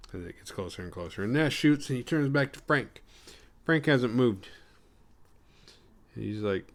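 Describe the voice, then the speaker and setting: A man recapping a horror film for his show, swearing casually and jumping into quick voices for the characters. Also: low voice. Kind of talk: casual comedic retelling.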